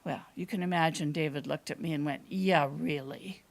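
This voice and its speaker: A woman telling a tale live before an audience in a small performance space, with dry, deadpan humor and drawn-out pauses. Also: sits low, gravelly. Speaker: storyteller.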